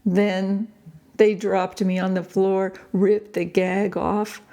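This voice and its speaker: A woman reading her own book aloud in a grave, measured first-person storytelling manner. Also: medium pitch, level tone, warm tone. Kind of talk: audiobook narration.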